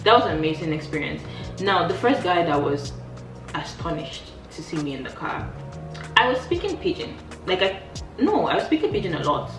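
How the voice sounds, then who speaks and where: A woman chatting casually in a vlog, telling stories in an animated way and acting out what people said. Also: recorded from a distance. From Nigeria. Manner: animated, acts out quoted dialogue with big pitch jumps. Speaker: vlogger. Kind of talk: casual storytelling chat. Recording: roomy sound from off the mic, faint music.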